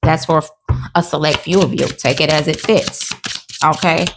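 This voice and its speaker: Low-voiced, chatty woman reading tarot. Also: normal speed, creaky, background noise. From New Orleans. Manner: chatty and encouraging, tags lines with "okay?" and "right?"; animated, with frequent laughter. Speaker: tarot reader. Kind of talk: casual tarot reading to viewers. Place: at home.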